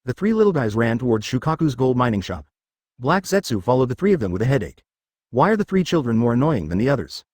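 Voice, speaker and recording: A man narrating a web-novel audiobook in a steady read-aloud manner. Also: mid-range voice, fast, dry recording, studio quality.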